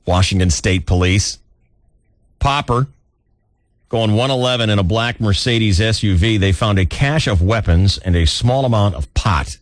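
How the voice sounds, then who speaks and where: A man hosting a radio show, chatting casually and telling stories in a wry way with animated asides. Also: on the low side, normal speed, dry recording, clean studio sound. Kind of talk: casual morning-show banter.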